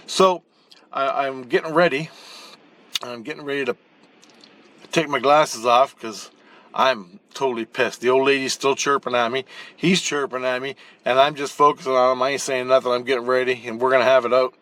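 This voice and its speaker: A man's voice: medium pitch, normal speed. Blunt, profane man telling a story. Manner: profane, blunt, with frequent restarts and repeated words; animated, acting out the action as he tells it. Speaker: channel host recounting spirit-world dreams. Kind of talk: casual rambling storytelling.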